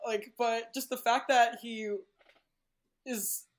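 A woman's voice: on the high side, fairly even intonation, takes it slowly. Rambling enthusiastic woman guest, actor. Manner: rambling, filler-heavy, enthusiastic. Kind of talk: casual chat.

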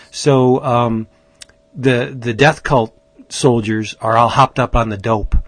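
A man's voice: medium pitch, steady tone, takes it slowly, dry recording. A man hosting a casual comic book chat, enthusiastic and rambling, often restarting his sentences. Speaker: comic book podcast host.

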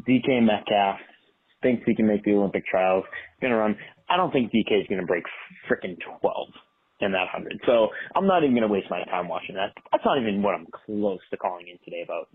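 A hyped-up man phoning in to a sports podcast, and the sound is thin and tinny like a phone line. His voice is low and a little husky, and he pushes up in pitch when he makes his big points. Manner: hyped, rising emphasis. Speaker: caller.

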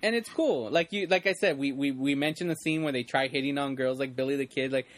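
A man's voice: medium pitch, fast, no room sound. A man in casual chat, rambling with many fillers and restarts. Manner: rambling, many fillers and restarts, quotes lines in put-on voices. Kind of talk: casual chat about a movie.

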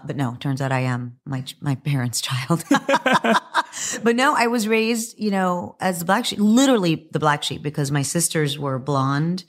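Podcast guest, woman, low hoarse voice, lively storyteller. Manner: animated, laughing, acts out quotes. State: hoarse from press junkets. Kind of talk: casual podcast interview.

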